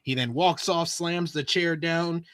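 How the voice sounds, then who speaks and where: A male co-host of a wrestling review who talks in a higher register with a bright, forceful edge. He recaps the show in quick, casual chat and laughs often. The sound is dry and close. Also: no room sound.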